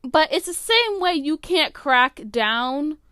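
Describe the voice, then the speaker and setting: Chatty high-voiced woman podcaster. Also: lively intonation, slow pace, sharp tone, no room sound, studio quality. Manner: chatty, opinionated, many "like" fillers. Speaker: podcast host. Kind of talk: casual solo commentary.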